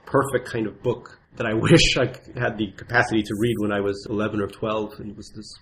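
A middle-aged man from Russia with a Russian accent, an author talking quickly and self-mockingly in an interview at his apartment, with lots of restarts. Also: fairly low pitch, flat delivery, slight background noise. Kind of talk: conversational interview.

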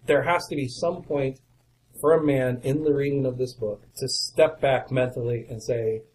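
A man interviewing an author, asking thoughtful, measured questions. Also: mid-range voice, steady tone, darkish tone, slight background noise, rough recording. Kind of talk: interview conversation.

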